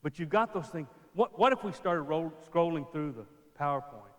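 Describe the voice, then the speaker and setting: A man preaches in a church, acting out little scenes and then dropping to a near whisper to drive a point home. His voice sits a little high for a man. A long reverb trails behind each line. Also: lively intonation, normal speed. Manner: acts out scenes, drops to a hushed voice for emphasis. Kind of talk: sermon.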